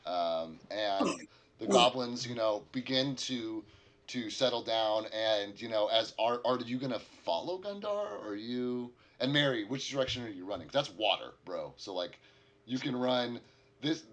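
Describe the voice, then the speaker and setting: A man's voice: mid-range voice, lively intonation, moderate pace, a bit bright. A man narrating as dungeon master, describing scenes in a loose, rambling way with many fillers. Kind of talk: narrating a tabletop game.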